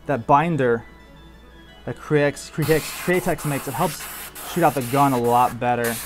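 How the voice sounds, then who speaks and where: A man giving casual how-to commentary while he airbrushes, relaxed and loose, saying "like" and "man" a lot. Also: medium pitch, normal speed, soft background music. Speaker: airbrush artist.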